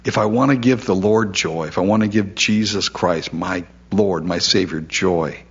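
A man's voice: low voice, fairly bright tone, husky, lo-fi sound. A man preaching a sermon in a conversational way, with frequent asides and quoted voices.

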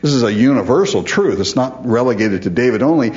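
A middle-aged man preaching a sermon, animated and chuckling often as he acts out the psalmist's words. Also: medium pitch, a little fast. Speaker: pastor. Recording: dull lo-fi sound.

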